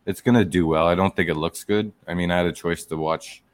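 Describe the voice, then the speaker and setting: A man with a very low voice talks through a casual movie chat, drifting from point to point with plenty of fillers. The sound is dry and close, with no room around it. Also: fairly even intonation, quick pace, dry recording. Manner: rambling, hesitant, lots of fillers.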